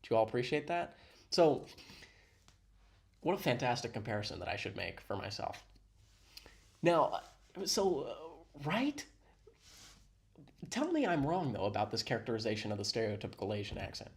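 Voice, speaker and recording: A man's voice: mid-range voice, big pitch swings, moderate pace, creaky, pauses often. A man giving sarcastic, mock-serious commentary on a video he is playing. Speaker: reaction commentator.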